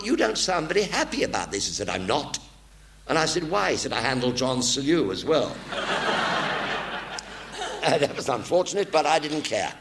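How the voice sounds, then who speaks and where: An older man recounts old stage and radio mishaps in a relaxed storytelling manner. His voice sits at a middling pitch but rises and falls a great deal as he animates each scene. He slips into the voices of the people in his tales. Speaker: actor telling anecdotes. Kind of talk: anecdotal storytelling.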